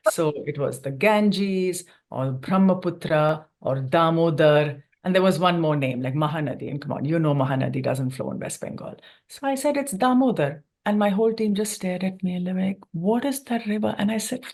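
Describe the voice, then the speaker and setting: A woman's voice: on the low side, a little fast. Chatty woman from India. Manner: chatty, animated. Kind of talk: casual anecdote. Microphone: video call.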